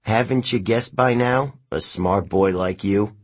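A man playing a calm, overworked courier who talks in an easygoing, slightly weary way. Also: on the low side, measured pace, breathy edge. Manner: relaxed and easygoing, a little weary.

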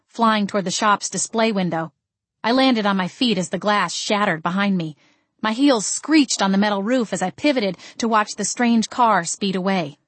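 Woman, first-person audiobook narration, steady and expressive, mid-pitched, dry close recording. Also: dry recording.

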